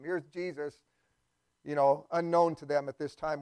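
A man's voice: on the high side, steady tone, normal speed, darkish tone, smooth, no echo. A man preaching a sermon as a pastor, talking through a Bible story in a conversational way and often repeating words as he thinks aloud.

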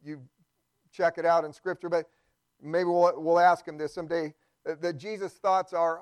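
Conversational male pastor, high clear voice. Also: flat delivery, moderate pace, no room sound. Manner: conversational, repeats words while thinking aloud. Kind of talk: sermon.

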